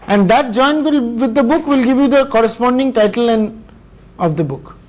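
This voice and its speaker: A man with an Indian English accent giving a measured university lecture, explaining step by step with pauses between phrases. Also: extremely high pitch, expressive, low-quality recording. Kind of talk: recorded classroom lecture.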